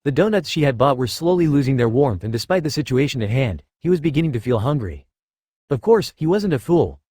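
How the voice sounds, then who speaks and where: A man reading a fan fiction story aloud as narrator in a steady, even storytelling manner. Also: mid-range voice, brisk, dry recording.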